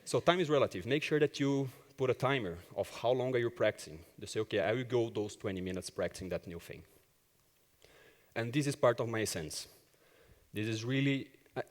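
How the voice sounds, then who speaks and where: With a long reverb tail trailing his words, a mid-range male voice moves at a fairly quick clip. He's an agile coach on a conference stage, animatedly recounting personal stories and acting out each line of dialogue.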